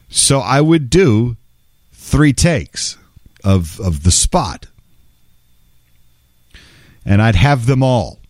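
A man's voice: medium pitch, darkish tone, dry recording, clean studio sound. A male voice-over artist telling a casual story in a wry, conversational way, with some salty language.

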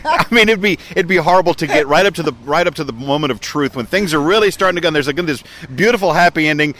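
Wry joking man with a lively voice. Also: a little high, quick pace. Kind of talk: casual podcast conversation.

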